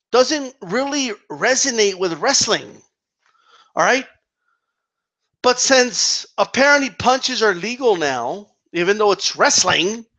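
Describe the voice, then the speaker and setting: High, bright-voiced man ranting. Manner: exasperated, profane, repeats "okay?" and "right?". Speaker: wrestling commentary vlogger. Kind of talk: ranting opinion monologue.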